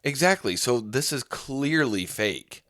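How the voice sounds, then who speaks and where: A man co-hosting a casual podcast chat, low-key and hesitant, mostly agreeing and sighing. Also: lively intonation, slow pace, pushed and bright, no echo, clean studio sound. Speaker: podcast co-host.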